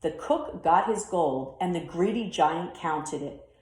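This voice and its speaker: A woman's voice: fairly low pitch, expressive, slow pace, darkish tone. A woman teacher reading a children's storybook aloud expressively, then talking to her pupils. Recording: roomy echo.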